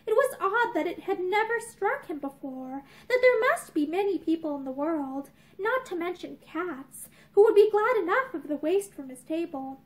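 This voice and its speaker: High-voiced young woman reading a novel. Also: normal speed, hardly any pauses. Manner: expressive, with small restarts. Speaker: reader of a novel. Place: indoor room with bookshelves.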